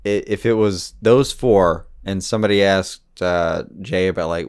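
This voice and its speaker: A man with a fairly low voice co-hosts a podcast. He rambles loosely, piles up fillers and swears now and then in a relaxed back-and-forth. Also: normal speed, few pauses, clear, resonant tone. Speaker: podcast co-host. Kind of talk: casual podcast chat.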